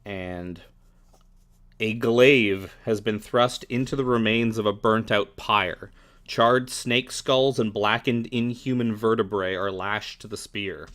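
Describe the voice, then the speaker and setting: A man with a low voice runs a tabletop game as game master. He describes scenes casually, pausing with fillers as he goes. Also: fairly even intonation, a bit bright.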